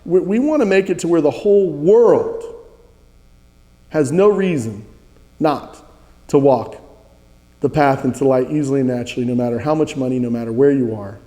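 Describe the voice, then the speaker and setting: A man's voice: medium pitch, normal speed, pauses often, warm tone, in a large hall. A man teaching a spiritual practice, earnest, leading listeners in repeated chants.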